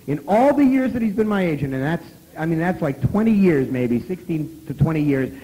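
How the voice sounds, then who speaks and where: A man telling a story at a live convention talk, animated and profane, who now and then breaks into loud shouting. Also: fairly high pitch, fairly quick, poor audio. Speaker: guest of honor speaker.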